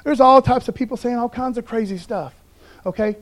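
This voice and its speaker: High-voiced casual preaching man. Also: brisk. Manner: casual, conversational preaching with frequent "okay, guys"; reads scripture and stumbles on names. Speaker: pastor. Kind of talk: streamed Sunday sermon.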